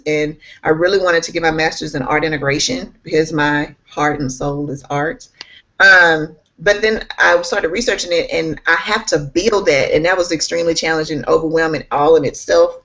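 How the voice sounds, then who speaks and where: A woman's voice: fairly low pitch, fairly bright tone. A woman talking in a bubbly, enthusiastic way as an instructional technology specialist in a casual interview, laughing often. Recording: slightly muffled, lo-fi audio.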